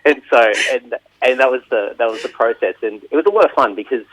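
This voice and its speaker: A man with an Australian accent, chatting casually in an interview as a band's bass player, rambling and self-mocking as he acts out studio exchanges. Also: fast talker, a bit bright, low-quality recording. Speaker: band bass player, guest.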